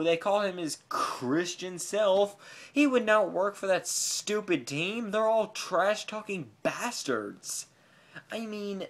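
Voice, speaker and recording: A woman sports vlogger giving a heated, profane rant, swearing freely and sounding exasperated. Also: deep voice.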